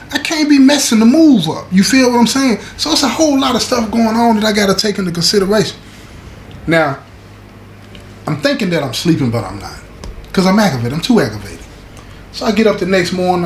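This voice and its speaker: Male storyteller, fairly high voice, animated and slangy, keeps asking if you follow him; roomy echo. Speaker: show host recounting prison stories. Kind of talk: casual storytelling to viewers. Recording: echoey room with faint background noise.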